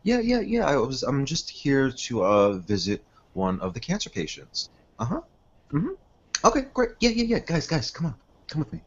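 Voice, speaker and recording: A man's voice: medium pitch, huge pitch swings, normal speed, husky, lo-fi sound, voice pushed up, exaggerated voice. A man playing a chatty, overfriendly fake priest who rambles and fawns. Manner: rambling, fawning, hesitant.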